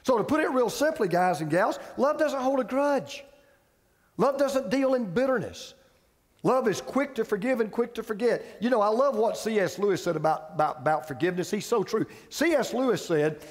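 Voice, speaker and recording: Male pastor, high-pitched, conversational and emphatic preacher who keeps questioning his listeners. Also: very animated, moderate pace, big-room sound. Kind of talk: sermon. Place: church sanctuary with audience.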